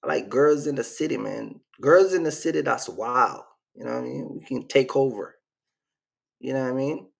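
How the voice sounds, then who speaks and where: Gravelly Jamaican man chatting on stream. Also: mid-range voice, moderate pace. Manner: rambling, slangy, reacts to live chat. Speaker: channel host. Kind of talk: casual livestream chat.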